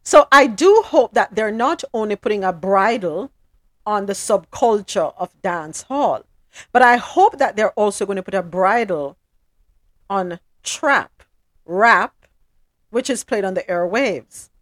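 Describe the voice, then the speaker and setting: Lively Jamaican woman, dry close sound. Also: medium pitch, unhurried, dry recording. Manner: animated, emphatic, drops into patois. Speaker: podcast co-host. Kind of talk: casual news commentary.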